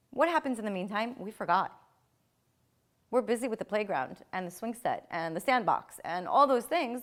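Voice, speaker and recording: Woman teacher, fairly high voice, emphatic and repetitive, rhetorical questions to a class. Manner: emphatic, repeats key phrases, asks rhetorical questions. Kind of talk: lecturing a live class.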